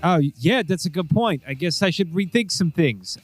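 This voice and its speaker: A man's voice: animated, normal speed, no room sound, faint music behind. A man voicing a starstruck male street cop who gushes like an eager fan in a tabletop game. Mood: sheepish. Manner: gushing, fawning, high-pitched.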